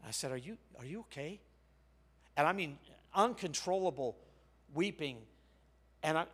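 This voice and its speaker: An older male pastor preaching a sermon, telling a personal story with sharp shifts between quiet and loud. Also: fairly high pitch, animated, moderate pace, pauses often, slightly rough. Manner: storytelling, with big swings of loudness.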